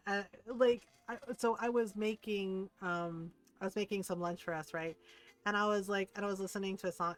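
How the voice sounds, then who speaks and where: A woman streamer chatting casually over her gameplay, rambling with lots of fillers and giggling as she retells stories. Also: mid-range voice.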